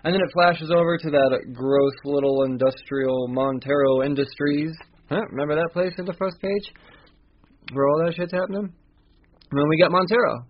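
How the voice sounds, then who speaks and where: A man's voice: a little high, moderate pace, muffled recording. A man giving a casual, swearing-heavy recap of a comic, rambling and acting out the characters as he goes. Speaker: podcast host recapping a comic.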